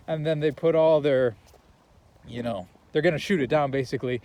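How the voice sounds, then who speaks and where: A young man chatting casually about a film he loves, rambling, laughing and stacking up fillers. His voice sits a little high for a man, with faint noise behind him. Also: fairly quick, darkish tone, poor audio. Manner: rambling, laughing movie recap full of fillers. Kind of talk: casual chat.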